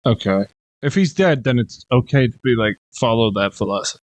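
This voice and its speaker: A young man co-hosting a podcast, chatting casually and quick to laugh. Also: medium pitch, lively intonation, dry recording. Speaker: podcast co-host. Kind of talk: casual chat.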